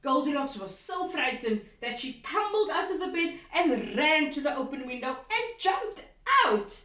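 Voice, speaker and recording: A woman teacher reading a story aloud to children, animated and expressive, pausing to quiz the class. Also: sits high. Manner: animated, slow and expressive, asks the class questions. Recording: echoey room from far off.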